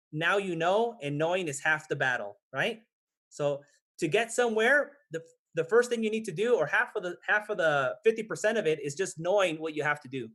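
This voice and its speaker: A man's voice: high-pitched, a bit bright. A man in his thirties leading a guided breathing practice and a Dhamma talk, patient and checking in with listeners often. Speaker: meditation teacher. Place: temple hall.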